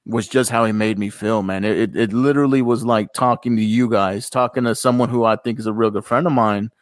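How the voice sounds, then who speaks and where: A man's voice: lowish voice, brisk, dry recording. Dry-sounding man telling a story. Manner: storytelling, animated when quoting others. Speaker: podcast co-host. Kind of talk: casual podcast chat.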